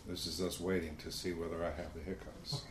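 Male Bible teacher, low-pitched, conversational, scripture reading; roomy, faintly noisy recording. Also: little pitch movement, a little fast. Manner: conversational, reads scripture aloud. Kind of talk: informal Bible study teaching. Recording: roomy echo, faint hiss.

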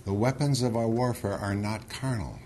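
Low-voiced male study leader, earnest and insistent, reads and pushes hard. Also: lively intonation, normal speed, darkish tone, a little hiss or hum. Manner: earnest, pressing, repeats words when urgent. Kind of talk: scripture reading and heated discussion.

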